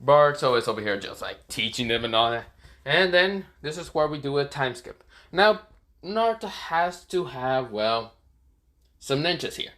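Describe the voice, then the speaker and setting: A man's voice: medium pitch, animated, moderate pace, a bit bright. Rambling male fan-story narrator. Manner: rambling, with fillers and self-corrections.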